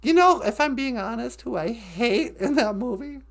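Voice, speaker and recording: A woman's voice: fairly high pitch, animated, moderate pace, creaky. A woman co-hosting a comedy podcast, bantering in a sarcastic, joking way. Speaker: podcast co-host.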